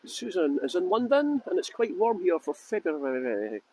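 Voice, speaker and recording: High-voiced Scottish man, chatty tour guide. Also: very animated, normal speed, darkish tone. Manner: chatty, flippant joking. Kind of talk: live walking tour chat. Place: outdoors by a fountain in a windy city square.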